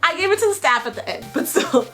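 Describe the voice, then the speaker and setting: A woman's voice: extremely high pitch, fast talker, faint music behind. A young woman from Texas telling a casual storytime, chatty and laughing often, her voice worn from a cold. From Texas, USA. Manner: chatty, animated retelling with frequent 'like' and laughs. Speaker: vlogger.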